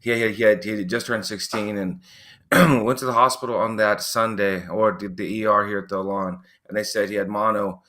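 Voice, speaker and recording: A middle-aged man as a podcast guest, speaking haltingly with many pauses and throat clearing. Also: on the low side, fairly even intonation, a bit bright. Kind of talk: casual interview.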